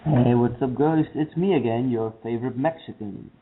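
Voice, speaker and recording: A man's voice: mid-range voice, moderate pace, a little hiss or hum. A man calling into a radio show with a joking, prank-call manner. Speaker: caller. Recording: tinny phone line.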